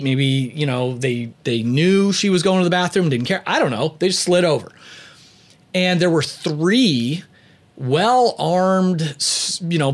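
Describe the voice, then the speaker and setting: A man talking about leadership and personality in a casual storytelling monologue, with lots of "you know" fillers and light chuckles. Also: on the high side. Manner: conversational, many "you know" fillers, chuckles while telling.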